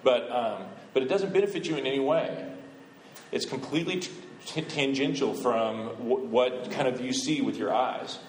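A man's voice: medium pitch, moderate pace, a little hiss or hum. Man, missionary preacher, conversational sermon, asks the congregation questions, roomy church sound. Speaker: missionary guest speaker.

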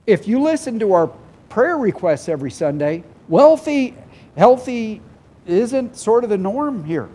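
Male pastor, sermon, earnest and emotional, lively high voice. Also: a little slow. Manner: emotional, tearful at times, earnest; emphatic repetition, voices God and people in quotes.

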